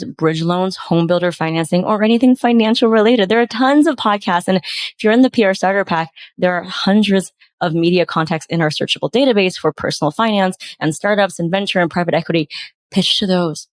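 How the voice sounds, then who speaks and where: A woman podcast host reading out bad pitches and critiquing them with exasperated, sarcastic commentary. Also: a little fast, dry recording.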